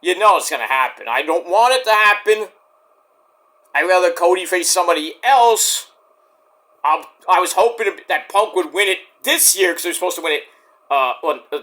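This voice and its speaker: Man in a casual rant vlog, rambling and profane, bright higher voice. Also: lively intonation, a little fast. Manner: rambling, profane, many restarts. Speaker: vlogger.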